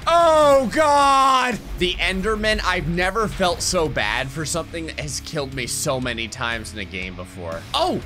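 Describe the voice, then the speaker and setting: Gravelly guy doing excitable game commentary, voice swings all over, kinda slow. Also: fairly high pitch, soft background music. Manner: excitable, yelps and laughs at chaos. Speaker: gaming YouTuber. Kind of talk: Minecraft let's play commentary.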